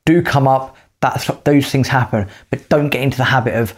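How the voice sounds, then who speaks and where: Emphatic man giving casual advice. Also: medium pitch. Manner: talks fast in bursts, emphatic advice. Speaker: podcast co-host. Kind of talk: casual podcast chat.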